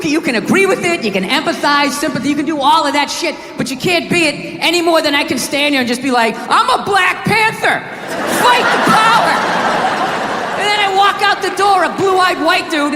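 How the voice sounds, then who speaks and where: Comedian ranting loud and sweary, high-ish voice, big roomy hall, crowd roaring with laughter. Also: male voice, noisy background. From United States. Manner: loud, profane, ranting delivery. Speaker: stand-up comedian. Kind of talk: live stand-up comedy set. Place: live comedy venue in England.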